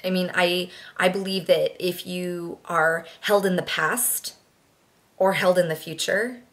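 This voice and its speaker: A woman's voice: lowish voice, fairly even intonation, unhurried, fairly bright tone. A young woman chatting casually to camera, rambling with lots of fillers and restarts. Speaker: vlogger.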